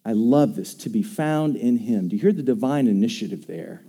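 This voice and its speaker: Dark-voiced pastor preaching a conversational sermon. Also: male voice, mid-range voice, expressive, moderate pace, husky. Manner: conversational, emphatic, asks the congregation questions.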